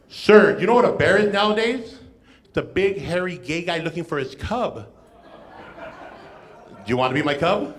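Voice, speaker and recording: A man's voice: high voice, animated, moderate pace, pauses often. A man doing a stand-up comedy set on a club stage, playful and self-mocking with punchy jokes. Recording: echoey club room.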